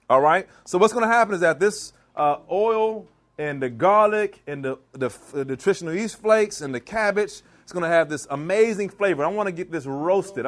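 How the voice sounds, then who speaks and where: A man from Maryland giving an animated live cooking demonstration in a church hall, teasing and quizzing his audience. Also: high-pitched. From Maryland, US East Coast. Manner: animated, teasing, asks the crowd questions. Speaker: chef giving a cooking demo.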